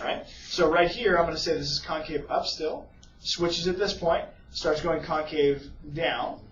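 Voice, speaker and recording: A man's voice: fairly high pitch, a bit bright, slight background noise. A male math teacher lecturing casually in a classroom, often checking in with his students. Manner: casual, keeps checking in with "okay?" and "right?". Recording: echoey, distant, muffled classroom recording.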